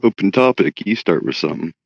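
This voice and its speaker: A man's voice: sits low, very animated, fast talker, gravelly, no room sound. A man co-hosting a casual voice-chat show, giving brief, laid-back prompts. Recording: dull lo-fi voice chat audio.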